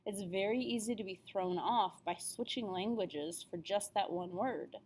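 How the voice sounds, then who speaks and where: A young adult woman talks through a beginner language lesson. She sounds upbeat and is careful over every vowel. She speaks at a middle pitch. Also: measured pace, darkish tone, slight background noise. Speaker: French teacher. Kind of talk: classroom lesson video.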